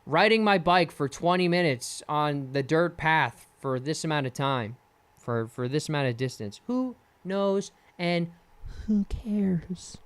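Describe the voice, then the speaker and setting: A man's voice: fairly high pitch, normal speed, fairly bright tone, smooth, no room sound. A man hosting a casual solo podcast, rambling and joking and often laughing. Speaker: podcast host.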